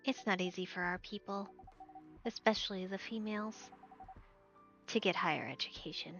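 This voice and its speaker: A woman's voice: medium pitch, moderate pace, fairly bright tone, muffled recording, faint music behind, close to an everyday voice. A woman voicing a shy, polite young mermaid woman who talks hesitantly and apologizes often. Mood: earnest.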